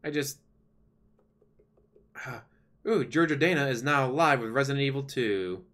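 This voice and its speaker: A man's voice: mid-range voice, unhurried, fairly bright tone. A man hosting a livestream, chatting casually and sarcastically while complaining. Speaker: livestream host. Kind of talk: casual rambling chat.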